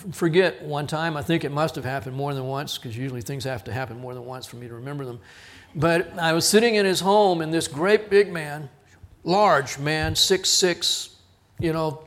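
A middle-aged man, teaching a Bible study as a sermon, telling stories and acting out the people in them with a raised voice. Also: a little high. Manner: storytelling, quotes others in raised voice, chuckles at himself.

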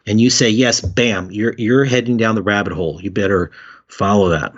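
Husky-voiced man giving measured advice. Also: lowish voice, animated, dull audio. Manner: measured, repeats words while explaining. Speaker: guest, emergency physician and expert witness. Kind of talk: conversational advice in an interview.

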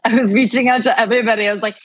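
A woman podcast host chatting over a video call, bubbly and talkative, laughing often and rushing into quick bursts. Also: fairly high pitch, steady tone, husky, no room sound. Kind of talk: casual interview chat.

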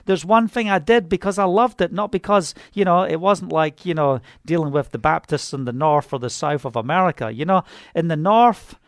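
A man's voice: high-pitched, dry recording, clean studio sound. A man minister giving a personal testimony sermon, fervent and rambling, with many "you know" fillers.

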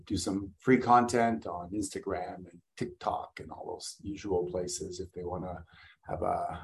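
A middle-aged man from Canada, a guest and event speaker, talking in a blunt, energetic, salesman-like way in a casual interview. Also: low-pitched, vocal fry, poor audio.

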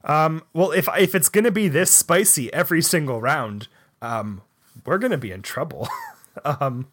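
A man's voice: fairly high pitch, animated, moderate pace, a bit bright. A man in casual comedic banter, hesitant and full of fillers. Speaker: game player.

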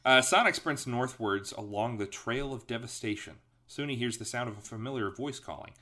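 A man's voice: mid-range voice, moderate pace, pushed and bright. A man hosting and reading an interactive gamebook aloud as game master, casual and joking.

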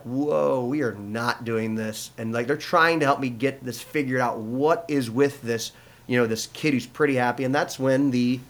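A man's voice: mid-range voice, fairly bright tone. Earnest middle-aged American man telling his story. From United States. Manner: earnest storytelling with frequent restarts and fillers. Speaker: pastor. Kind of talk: conversational testimony in an interview.

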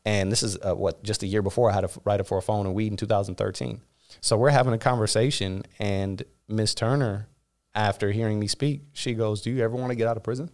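A man's voice: fairly low pitch, steady tone, a little mellow. A man in his thirties from California, a guest telling his story candidly in an interview, with many fillers and restarts. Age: 30s. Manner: rapid, frequent "you know" fillers and restarts.

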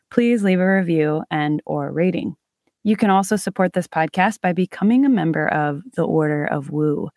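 A woman's voice: on the low side, no echo, studio quality. A woman hosting a podcast, talking earnestly and reflectively in casual chat. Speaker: podcast host.

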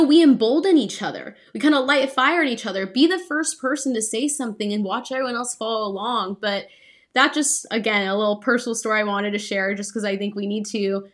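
A young adult woman co-hosting a podcast, telling a personal story in an earnest, animated way with frequent ums and likes. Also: fairly high pitch, quick pace. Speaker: podcast co-host.

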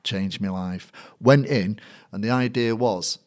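Middle-aged Mancunian man, lowish voice, lively raconteur who slips into other people's voices as he tells a story. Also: unhurried. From Manchester, England. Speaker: guest, matchday compere. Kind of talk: anecdotal storytelling in a conversation.

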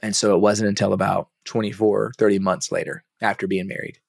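A man speaking as a podcast guest, telling personal stories in a lively, casual way and acting out the dialogue. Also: fairly low pitch, fairly quick, vocal fry, dry recording, clean studio sound. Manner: animated, acts out quoted dialogue, casual slang. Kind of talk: candid personal storytelling.

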